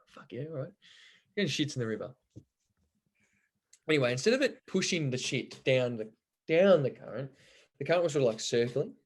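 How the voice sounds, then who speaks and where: Young man, podcast guest; rambling, sweary, giggly storyteller, middle pitch. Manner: rambling, swears freely, laughs while telling stories. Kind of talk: casual storytelling chat.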